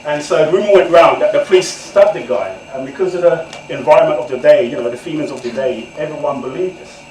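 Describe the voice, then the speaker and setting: His voice, on the high side and a little mellow, moves at a quick pace. He's a guest author from England in his forties telling his life story candidly and conversationally to an audience, frequently addressing them, recorded far from the mic in an echoey room with slight background noise.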